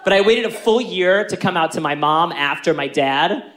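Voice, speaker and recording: A man's voice: high-pitched, normal speed, reverberant. Brash man doing a stand-up set. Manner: animated, brash storytelling with frequent laughter. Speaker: stand-up comedian.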